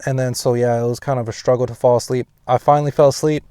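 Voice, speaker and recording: A young man telling a personal story casually, swearing heavily and rambling with restarts, and getting loud and high when he reenacts scenes. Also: fairly even intonation, quick pace, clean tone, dry recording, clean studio sound. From Pasadena, California. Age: young adult.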